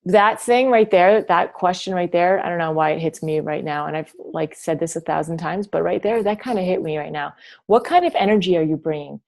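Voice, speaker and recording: A woman's voice: low-pitched, a little fast, gravelly, darkish tone. Chatty, rambling woman coaching her team. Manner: chatty and rambling, full of "like" and restarts. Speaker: team coach leading a training call. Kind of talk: motivational team talk. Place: home. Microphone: video call.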